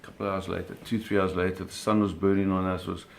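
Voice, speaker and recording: A middle-aged man casually telling a story, animated, with sound effects and acted quotes. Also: low-pitched, racing, gravelly, a little hiss or hum. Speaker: storyteller recounting a fishing trip.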